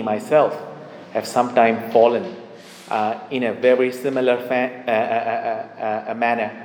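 A man's voice: mid-range voice, a little mellow. A man preaching a sermon emphatically, repeating key phrases to drive them home. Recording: echoey hall reverb.

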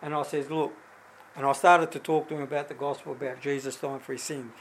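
A middle-aged man giving an informal sermon, mixing scripture with a personal story told in a chatty, animated way. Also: medium pitch, fairly quick, slight background noise, rough recording. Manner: conversational, animated storytelling with many restarts. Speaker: lay preacher.

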